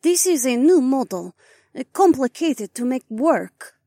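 A man's voice: very high voice, very animated, dark tone, dry recording, pitched above the performer's own voice, heavily acted. A man voicing a proud, blunt alien woman pilot who talks in clipped, broken English. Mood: matter-of-fact. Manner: clipped, halting speech with dropped words.

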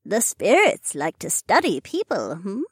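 A man voicing a hunched old village grandmother, speaking in a creaky, slow, gentle voice. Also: high-pitched, wildly swooping pitch, no echo, clean studio sound, voice pushed up, exaggerated voice. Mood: teasing.

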